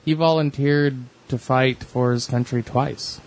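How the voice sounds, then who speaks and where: A man's voice: medium pitch, fairly even intonation, measured pace. Man trading dry quips in chat. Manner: dry quips, hesitant with fillers. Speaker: podcast co-host. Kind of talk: casual chat.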